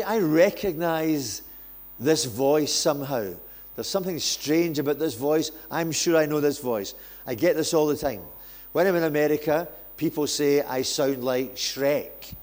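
Male guest preacher, playful and self-mocking, warm-up jokes into prayer. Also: medium pitch. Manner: jokey, self-deprecating storyteller. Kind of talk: sermon with humorous anecdotes. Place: church.

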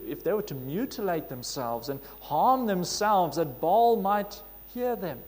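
A man with a fairly high voice delivers a sermon, reading scripture aloud and then working through it. He speaks earnestly, with plenty of "uh" and restarted phrases. The sound carries a long reverb, as if from a large hall. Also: darkish tone. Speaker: preacher.

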